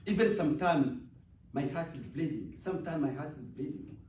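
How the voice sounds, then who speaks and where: A man preaching a sermon, emphatic and repetitive, swinging between loud outbursts and hushed near-whispers. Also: on the high side, normal speed, reverberant, far from the mic, slight background noise, poor audio. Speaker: pastor.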